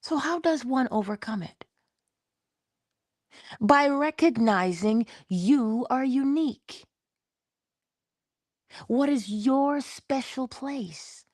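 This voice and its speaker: A woman giving a casual motivational talk, expressive, dropping into whispers and laughing often. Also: high-pitched, slow pace, long pauses, no echo, studio quality. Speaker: motivational vlogger.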